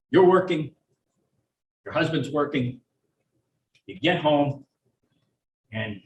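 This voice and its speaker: An older man, a retired child neuropsychologist, giving a blunt, folksy talk to parents and acting out parents and teachers in quick asides. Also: on the high side. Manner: blunt, folksy, plain-spoken. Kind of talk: public lecture to parents. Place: meeting room or auditorium. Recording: roomy, from a distance, faint hiss.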